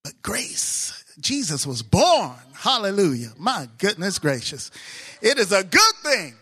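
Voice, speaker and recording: Excitable man preaching a lively sermon. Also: high-pitched, takes it slowly, husky. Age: adult, married with children. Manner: excitable, swings from soft asides to loud exclamations.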